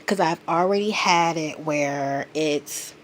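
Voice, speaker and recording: Woman, 30s, lowish voice, unhurried and heartfelt vlog confession. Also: a little hiss or hum. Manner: earnest, confiding, emotional. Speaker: vlogger.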